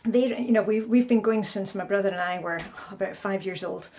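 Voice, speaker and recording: A woman's voice: mid-range voice, fairly quick, darkish tone. A middle-aged Scottish woman chatting casually in a travel vlog, with lots of fillers and restarts as she talks to the camera. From Scotland. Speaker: vlogger. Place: restaurant and streets, indoors and out. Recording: noisy background.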